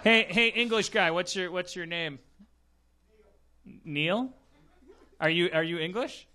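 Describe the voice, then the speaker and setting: A man's voice: high voice, slow, bright, forceful tone. A man hosting a live comedy podcast, rambling and joking with frequent stammered restarts. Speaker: podcast host. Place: live theater stage.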